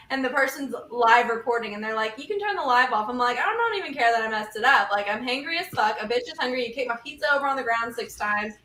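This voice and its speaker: A woman hosting a casual group chat, telling stories quickly and with lots of swearing. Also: on the high side, animated, bright, forceful tone, roomy sound, distant mic. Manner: fast, profane storytelling. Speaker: podcast host.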